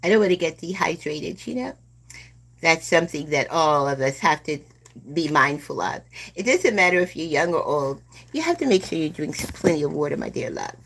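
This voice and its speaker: A woman in her seventies hosting a live stream, chatting slowly and gently with viewers and calling them "my dear love.". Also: sits low, lively intonation. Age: 70s. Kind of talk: casual chat with live viewers.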